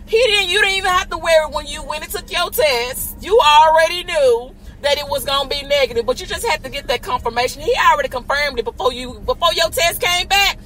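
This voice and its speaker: A woman podcast host giving a live faith talk while driving, breaking into loud joyful praise. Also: high-pitched, brisk, hardly any pauses, a crowd in the background, rough recording. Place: in a car. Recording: street and car noise. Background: car and road noise.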